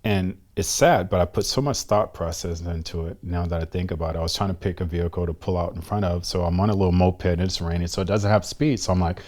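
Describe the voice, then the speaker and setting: A middle-aged man from the United States, a guest telling a personal story in a halting, reflective way. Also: sits low, steady tone, a little mellow. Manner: halting, reflective, slows down often.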